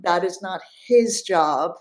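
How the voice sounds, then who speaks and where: A woman's voice: on the low side, slow pace. A middle-aged woman speaking as an interview guest, earnest and reflective, with frequent fillers and restarts. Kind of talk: casual conversational interview.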